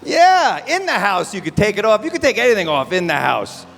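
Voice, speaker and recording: Man, stand-up host on a live stage: quick wisecracks, very animated melody. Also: sits high, vocal fry, big-room sound, a little hiss or hum. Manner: animated, wisecracking, punchy delivery. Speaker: stand-up comedian hosting an event. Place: event stage before a live audience.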